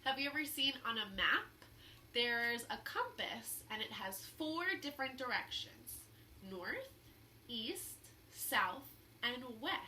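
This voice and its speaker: Lively, bright-voiced woman reading aloud. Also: a little high, slow. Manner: gentle, explains the story to children. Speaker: storybook reader. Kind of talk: children's read-aloud. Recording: roomy echo, faint hum.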